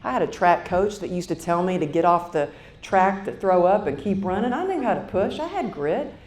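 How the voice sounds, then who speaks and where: A woman's voice: lively intonation, normal speed, a little mellow. A woman in her fifties giving a motivational keynote, telling a story in a chatty way and talking straight to the audience. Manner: conversational, addresses the audience directly. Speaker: keynote speaker. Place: conference hall stage. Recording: echoey hall with faint rumble.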